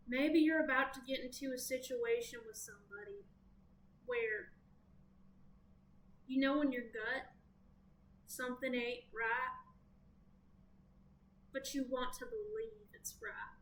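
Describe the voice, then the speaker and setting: Her high-sitting voice has a lively intonation, and she speaks slowly with long pauses. A Southern American woman, she gives a laid-back, talkative tarot reading peppered with playful asides, in an echoey room with faint background noise.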